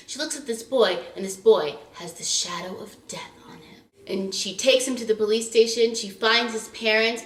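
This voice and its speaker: A young woman vlogger recapping a drama in animated, chatty casual talk, acting out scenes as she goes. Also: medium pitch, roomy sound.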